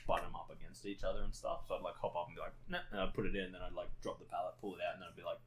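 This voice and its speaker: A man's voice: deep voice, flat delivery, rapid-fire, a little hiss or hum. A young man chatting on a podcast, telling stories animatedly, swearing freely and laughing along as he talks. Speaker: podcast co-host. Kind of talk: casual chat.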